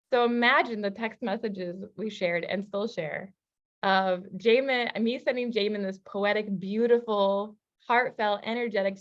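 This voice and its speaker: A woman relationship coach teaching a masterclass, telling personal stories in a lively, casual way. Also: medium pitch, muffled recording. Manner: lively storytelling, casual fillers.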